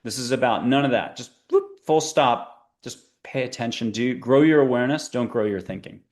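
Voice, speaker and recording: A man's voice: medium pitch, normal speed. Man, mid-range voice, spiritual teacher guest in an interview; chatty and playful, jumps between tangents. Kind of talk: conversational interview talk.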